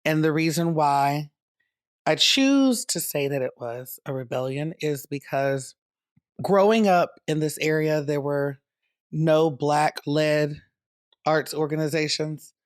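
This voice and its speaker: A man from North Carolina tells his story in a reflective, measured way for a documentary interview. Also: a little high, no room sound, clean studio sound. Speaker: dance company founder. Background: soft guitar music.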